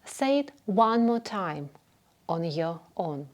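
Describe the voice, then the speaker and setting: A woman teaching a beginner class at a very slow, careful pace, her pitch rising and falling in a lively, sing-song way. She speaks clearly and patiently and repeats each phrase so learners can say it with her. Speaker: English teacher. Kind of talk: slow instructional narration.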